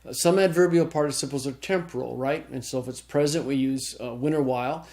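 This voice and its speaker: At a medium pitch and a fairly quick pace, a man with a darkish tone explains Greek grammar to his class step by step. The recorded lecture has him restarting often and checking in with students by asking "okay?"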